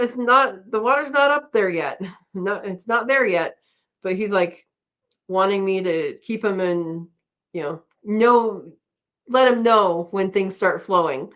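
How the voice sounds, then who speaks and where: A middle-aged woman hosting a casual live-stream chat, rambling and laughing often as she reads out comments. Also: on the low side. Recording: dull lo-fi stream audio.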